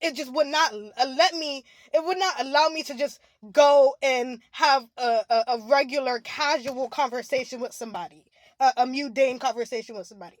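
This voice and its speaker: High-voiced woman rambling confessionally. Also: normal speed, dry recording. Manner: rambling, heavy use of "like", restarts; emotional and candid. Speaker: spiritual vlogger. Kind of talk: confessional monologue.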